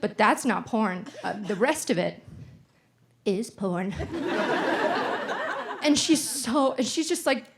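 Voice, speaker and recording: A young woman in her twenties doing a stand-up comedy set on a theater stage, telling stories in a deadpan, self-deprecating way. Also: medium pitch, slow pace, pauses often, a crowd in the background.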